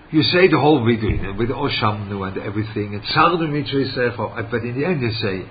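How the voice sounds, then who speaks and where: A man giving a religious lesson, halting and searching for words as he poses rhetorical questions. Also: mid-range voice, lively intonation, a little hiss or hum. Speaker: rabbi teaching Torah. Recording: dull lo-fi recording.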